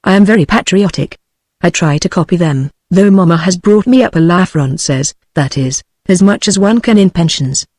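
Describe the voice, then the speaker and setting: A synthetic British woman's voice reading the lines of a wistful, coquettish young girl in an audiobook, with an even, measured delivery. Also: lowish voice, no room sound, clean studio sound, lightly acted. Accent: British English.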